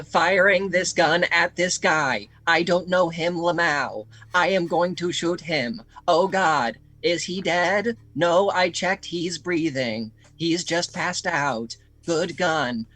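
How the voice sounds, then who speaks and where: A man playing a deadpan influencer narrating a trespass video in a slow, dry way. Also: on the high side, no room sound, full character voice.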